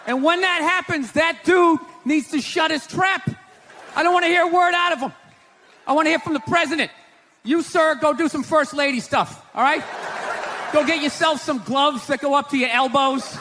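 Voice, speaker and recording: A male stand-up comedian doing a brash set, shouting and talking to the crowd. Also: very high-pitched, moderate pace. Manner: brash, shouting, talks to the audience. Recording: live room with crowd and noise.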